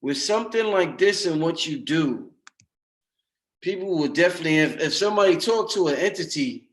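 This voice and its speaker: A man's voice: a little high, animated, moderate pace. Man, interview host, laid-back slang, stumbling restarts, roomy echo. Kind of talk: casual interview chat.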